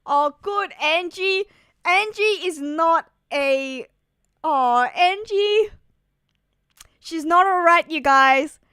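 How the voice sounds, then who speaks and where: An excitable woman gushes and giggles as she reacts to an episode. Her voice sits high and swings widely, and she takes her time between remarks. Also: extremely slow, no room sound, clean studio sound. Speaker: anime reaction host. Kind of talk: casual reaction commentary.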